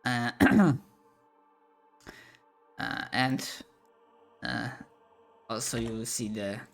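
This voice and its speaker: A man narrating a tabletop role-playing scene as game master, halting and full of fillers. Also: mid-range voice, steady tone, creaky, fairly bright tone, soft background music. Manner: slow, halting, with many fillers.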